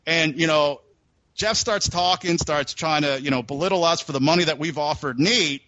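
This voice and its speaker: Man, podcast co-host, casual rambling storyteller, slightly high voice, dry dull sound. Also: normal speed, bright, forceful tone, no room sound. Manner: long-winded, rambling with restarts.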